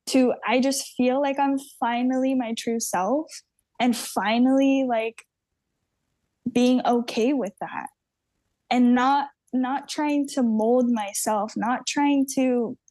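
A woman in her twenties from Southern California, speaking as a podcast guest. She is chatty and candid, with her voice a touch high. The sound is dry and close. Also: darkish tone, dry recording. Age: 20s. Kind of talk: casual conversation.

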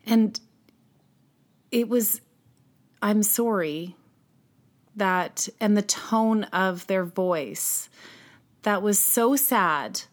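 Earnest woman telling a personal story. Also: medium pitch. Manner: earnest, halting, with many restarts. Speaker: interview guest, mother.

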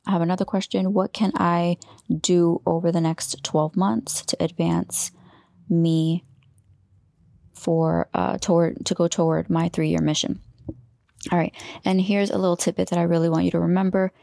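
A woman's voice: on the low side, level tone, moderate pace, creaky, warm tone, dry recording, studio quality. A woman hosting a solo coaching podcast, talking loosely with restarts and now and then dropping into a whisper. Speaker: podcast host and life coach.

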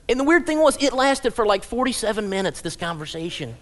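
High-voiced man preaching a humorous sermon. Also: big pitch swings, a little fast, few pauses. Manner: humorous storytelling, acts out quotes. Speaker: pastor. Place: large church auditorium.

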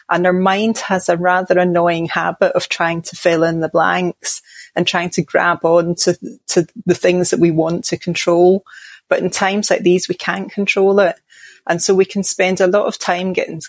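A woman from Scotland with a Glaswegian accent, a mindfulness coach speaking calmly and in measured explanations as a podcast guest. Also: lowish voice, no echo. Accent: Glaswegian Scottish. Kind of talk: podcast interview.

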